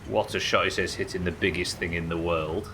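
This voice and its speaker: A man commentating his own live game stream, excitable, swearing and talking to his chat. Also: sits low, brisk, a little hiss or hum.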